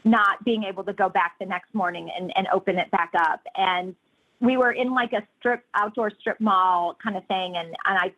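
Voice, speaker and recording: A woman guest on a podcast interview, telling stories animatedly and jumping high when she re-enacts moments. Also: normal speed, fairly bright tone, muffled recording. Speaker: interview guest, business founder.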